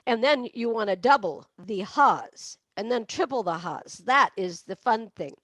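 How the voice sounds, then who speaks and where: A woman teaches breath support for singing, acting out the exercises as she goes. Her voice sits a little high and sounds dry and close to the mic, with no room around it. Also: lively intonation, a little slow, few pauses, a bit bright, dry recording. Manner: demonstrative, breaks into barks, meows and sung laughs. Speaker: vocal coach. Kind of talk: online voice lesson.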